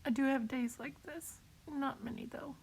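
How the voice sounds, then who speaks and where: A woman talking on a live video while crying, in a halting way, repeating herself and laughing through her tears. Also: sits high, fairly even intonation, vocal fry, darkish tone. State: tearful, crying. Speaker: vlogger sharing a cancer update. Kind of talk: emotional live video talk.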